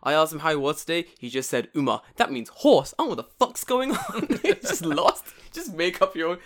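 A man's voice: a little high, big pitch swings, brisk. A young man hosting a casual chat, joking and swearing often with frequent laughter. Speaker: podcast host.

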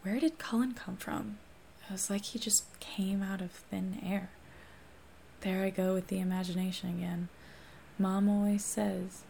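A distracted teenage boy who is musing idly to himself, voiced by a woman reader. The tone is flat and even, with a rough, gravelly edge. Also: mid-range voice, unhurried, slight background noise. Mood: puzzled.

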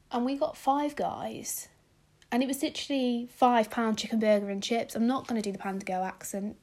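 A woman's voice: on the high side, fairly even intonation, normal speed, darkish tone. A young woman with a British accent, telling her own story in a casual, rambling monologue with asides that drop nearly to a whisper. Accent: British English. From Britain. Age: young adult.

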